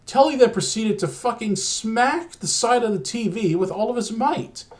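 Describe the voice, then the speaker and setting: A man's voice: extremely high pitch, expressive, moderate pace. A man narrating a crude comedic horror story in a profane, exasperated way.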